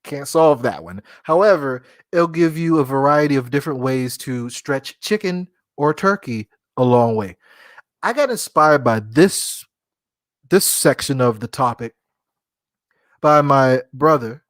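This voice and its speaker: A man's voice: medium pitch, expressive, unhurried, dry recording, studio quality. A man hosting a casual solo podcast, rambling and joking, often laughing at himself. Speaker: podcast host.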